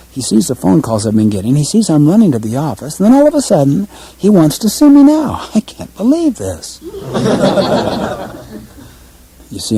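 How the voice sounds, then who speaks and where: Male seminar speaker, lively storyteller, very dark husky tone. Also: fairly low pitch, no echo, rough recording. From United States. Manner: animated storytelling, mocking himself. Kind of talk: lecture with acted-out anecdote.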